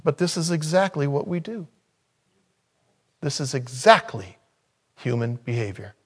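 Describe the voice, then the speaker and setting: A man preaching a sermon in a conversational way, with sudden loud, high-pitched bursts of emphasis. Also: big pitch swings, unhurried, husky. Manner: conversational, thinking aloud. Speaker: pastor.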